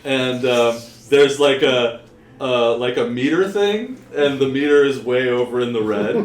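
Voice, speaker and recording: A man's voice: mid-range voice, unhurried. A man running a tabletop game at home, narrating loosely with many fillers and laughs. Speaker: game master. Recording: echoey room.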